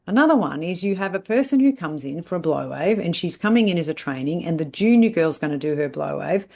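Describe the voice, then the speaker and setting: A woman's voice: lowish voice, expressive, fairly quick, gravelly, a little mellow. A middle-aged woman coaching salon owners in a podcast monologue. She is blunt and emphatic and keeps checking in with "right?". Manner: blunt, emphatic, repeats catchphrases and asks "right?".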